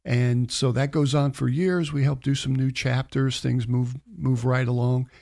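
A man's voice: medium pitch, measured pace, gravelly. A middle-aged man telling a personal story in a casual interview, acting out the quoted dialogue as he goes. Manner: animated anecdotal storyteller, acts out quoted dialogue. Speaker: interview guest.

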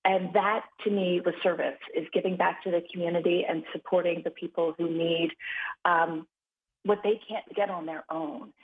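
A woman's voice: on the low side, steady tone, normal speed. A woman who founded a children's charity, a guest telling stories in an earnest, upbeat way. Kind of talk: interview conversation. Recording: phone-line audio.

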